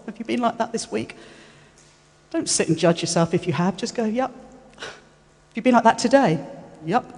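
Animated woman preaching in a hall. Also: a little high. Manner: animated storytelling, repeats words, laughs often. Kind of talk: sermon. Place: church hall. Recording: echoey church hall.

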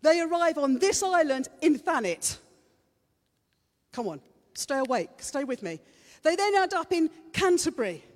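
Woman preacher, high pitched, playful sermon, live hall echo. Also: sing-song, unhurried, long pauses. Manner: chatty, playful, teases the congregation. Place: church hall. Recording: reverberant hall.

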